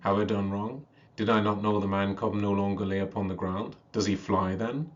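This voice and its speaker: A man's voice: on the low side, little pitch movement, normal speed, dull audio, close to an everyday voice. A man voicing a sly, proud male black panther who speaks with a mock-humble drawl in a storybook reading. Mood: wry.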